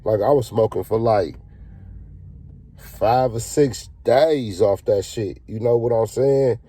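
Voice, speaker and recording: A man's voice: on the low side, takes it slowly, warm tone, husky. A man telling a casual story in a slangy, profane, laid-back way.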